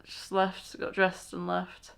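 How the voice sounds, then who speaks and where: A woman's voice: fairly low pitch, completely flat delivery, slow pace, creaky, fairly bright tone, faint music behind. A woman hosting a reaction video, exclaiming, gasping and laughing as she comments casually.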